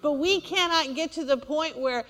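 A woman's voice: high-pitched, moderate pace, a bit bright, in a large hall. A woman preacher, delivering a sermon in a church and asking the congregation for amens. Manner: call-and-response preaching, asks for amens.

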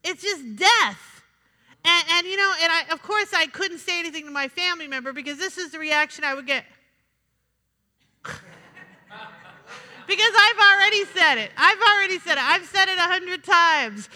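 High, bright-voiced woman pastor preaching. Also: a little fast. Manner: lively, chatty preaching with asides and laughter. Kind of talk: sermon. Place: church sanctuary. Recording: reverberant church sanctuary.

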